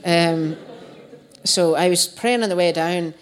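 Low-voiced Northern Irish woman telling a testimony. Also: takes it slowly. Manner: chatty storytelling, quoting her own past dialogue. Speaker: speaker giving a testimony. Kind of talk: personal testimony to a church group.

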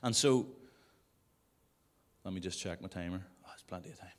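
A man's voice: low-pitched, normal speed. A man preaching a sermon to a congregation in a conversational way, with jokey asides. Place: church service before a congregation.

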